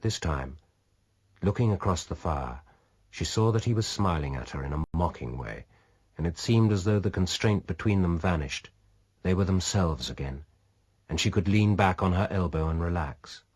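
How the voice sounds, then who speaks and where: Husky man narrating a novel. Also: low-pitched, expressive, normal speed, a little mellow. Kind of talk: audiobook reading.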